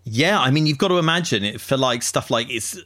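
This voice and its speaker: A man's voice: mid-range voice, animated, brisk, sharp tone. A man co-hosting a podcast, reacting with slangy, easily amused remarks. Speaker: podcast co-host. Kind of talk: casual tech chat.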